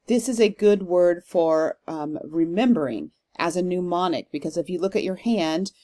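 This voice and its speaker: This woman has a deep voice with a darkish tone, and she teaches literature. In a recorded lecture she explains step by step, drops in some fillers, and reads lines of verse with marked emphasis.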